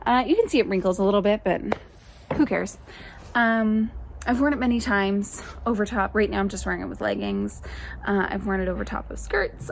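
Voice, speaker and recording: Chatty woman with gravelly fry. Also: mid-range voice, a little hiss or hum. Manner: chatty, enthusiastic, rambling with fillers. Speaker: knitting podcast host. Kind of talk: casual show-and-tell chat. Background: faint birdsong ambience.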